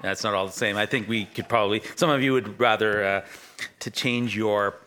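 Bright-voiced rambling middle-aged pastor. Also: male voice, on the low side, steady tone, normal speed, a little hiss or hum. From Canada. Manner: rambling, self-correcting, conversational. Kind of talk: sermon.

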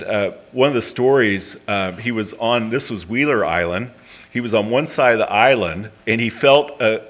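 A man with a fairly low voice preaches earnestly, retelling a story and then praying. He stops and restarts often, with fillers. When he quotes people, his voice drops soft and quiet. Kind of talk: sermon with storytelling and closing prayer.

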